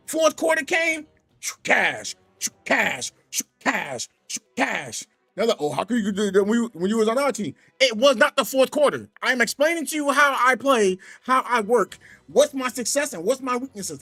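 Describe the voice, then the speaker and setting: A man streaming from home, telling a gaming story in an animated, exasperated way. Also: very high-pitched, breathy edge, dry recording. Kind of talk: casual livestream rant.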